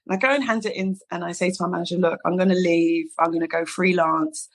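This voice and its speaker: Animated London woman telling stories. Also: on the low side, fast talker, low-quality recording. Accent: London English. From England. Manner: animated, acts out quoted people in her stories. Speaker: guest, hairdresser and salon founder. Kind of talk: casual interview storytelling.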